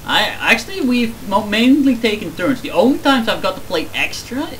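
A man's voice: high-pitched, very animated, moderate pace, fairly bright tone, distant mic, slight background noise, low-quality recording. A man playing a video game with a friend, teasing him, joking and swearing when he loses. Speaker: let's play commentator. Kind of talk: casual gaming banter.

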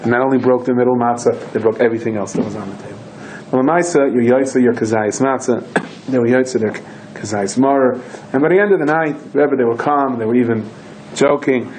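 A man's voice: mid-range voice, brisk, a little hiss or hum, poor audio. A man, a rabbi, telling stories in a Torah lecture, acting out his characters' lines. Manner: animated storyteller who acts out voices and shouts in quoted lines.

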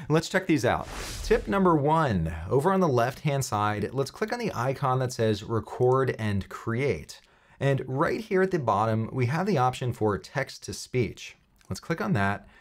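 A man hosting a software tutorial, walking through steps in an upbeat, explaining way with light jokes. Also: a little high. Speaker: tutorial host.

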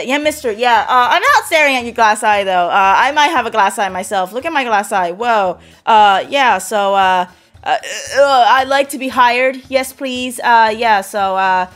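A woman giving let's play commentary on a game, rambling and stammering, then suddenly bursting into shouts and laughter. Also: sits high, moderate pace, faint music behind. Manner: rambling, stammers and repeats words. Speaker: gaming video host.

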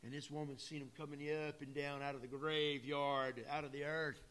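Emphatic preacher, bright forceful voice. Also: male voice, fairly high pitch, flat delivery, moderate pace. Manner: emphatic, plain-spoken, addresses the congregation directly. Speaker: pastor. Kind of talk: sermon with folksy asides. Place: church.

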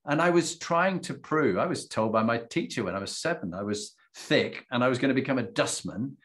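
A man hosting an interview, telling stories in an animated, self-deprecating way. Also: mid-range voice, brisk. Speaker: podcast host. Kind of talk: casual interview chat.

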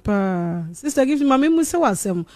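A woman from Ghana hosting a radio phone-in, softly prompting her caller with short questions. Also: sits high, sing-song, normal speed, dry recording, soft background music. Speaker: radio host.

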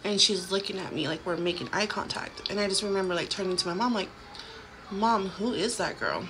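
Woman in her 30s rambling thru a ghost story on her phone, lots of likes, faint hum behind, middle pitch. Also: steady tone, quick pace. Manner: chatty, lots of "like" fillers. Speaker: vlogger. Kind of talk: casual storytelling to camera. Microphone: phone camera.

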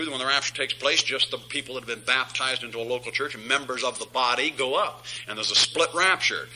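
A middle-aged male pastor delivers an emphatic, preacherly Bible study, pressing his points and chuckling at his own jabs. His voice sits a bit high and rings very bright. A faint hiss runs underneath. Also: rough recording.

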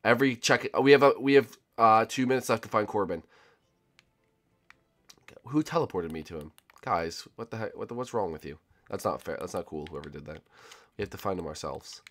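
A man hosting a gaming channel, giving excitable gameplay commentary and often repeating his words. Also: fairly low pitch, a little fast, soft background music. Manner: excitable, repeats himself a lot.

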